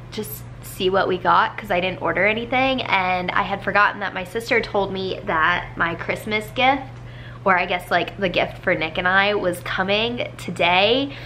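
Bright-voiced gushing young woman vlogger. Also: medium pitch, slight background noise. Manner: chatty and gushing, many filler "like"s. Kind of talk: casual vlog talk to camera. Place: at home.

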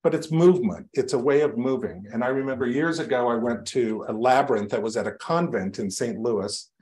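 A male reverend of medium pitch, talking a little fast, delivers his sermon to the congregation in a church sanctuary. He relies on warm, conversational stories and mild humor aimed at himself.

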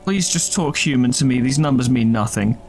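A man's voice: mid-range voice, brisk, darkish tone. A man hosting a let's play, joking and laughing often as he reads the game text aloud. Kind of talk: gameplay commentary and reading game text aloud. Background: game music.

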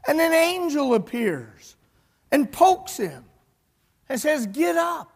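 High-voiced storytelling preacher. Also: male voice, slow pace. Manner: storytelling, animated, swings between loud and hushed. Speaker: pastor. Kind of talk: sermon. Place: church sanctuary. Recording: long hall reverb.

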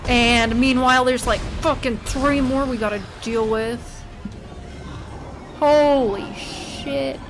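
Woman gamer for a let's-play, higher voice, slow unhurried delivery, cusses and cracks wry jokes, faint music underneath. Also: fairly even intonation. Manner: profane, jumpy outbursts and wry asides. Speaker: gamer playing a horror game. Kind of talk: casual let's-play commentary.

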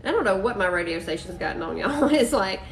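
Woman host, chatty and excitable, mid pitch, a bit off-mic with faint music under her. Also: fast talker, far from the mic, rough recording. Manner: bubbly, says "y'all" and "freaking" a lot. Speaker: craft live-stream host. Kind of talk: chatty live-stream crafting demo.

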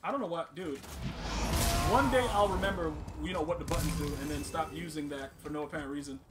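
A man's voice: on the high side, a little fast, loud music behind the voice. A man hosting a gaming channel, giving casual gameplay commentary with hyped, slang-heavy banter.

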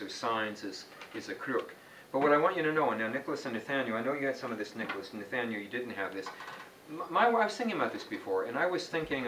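A man's voice: medium pitch, pushed and bright. Man teaching chant in an echoey room. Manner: informal, explanatory, with restarts and asides to students. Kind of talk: classroom teaching. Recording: roomy sound from a distance, faint background noise.

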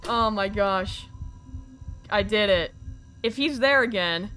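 A young woman streaming a horror game live, reacting with excitement, swearing, and thanking her viewers. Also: mid-range voice, slow pace, long pauses, smooth. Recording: music playing faintly behind. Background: faint game music.

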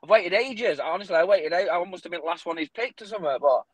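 A man's voice: high voice, expressive, fast, no room sound, rough recording. A man who fights, in a casual chat, blunt and swearing often with frequent laughs.

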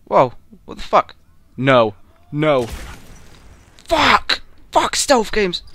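Young guy gaming, cursing a lot, bright edgy voice, slow drawl but big swings in pitch. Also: a little hiss or hum. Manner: excitable, yelling and swearing at the game. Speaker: gamer. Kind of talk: let's play commentary.

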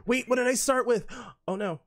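A man's voice: very high voice, moderate pace, dry recording. A man streaming a game, chatting and telling rambling stories in a playful, campy way. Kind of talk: casual game-stream chat.

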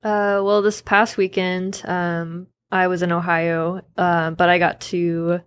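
A woman's voice: fairly low pitch, little pitch movement, slow, smooth. A woman working as a surgery technician, speaking hesitantly with many fillers. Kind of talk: casual chat.

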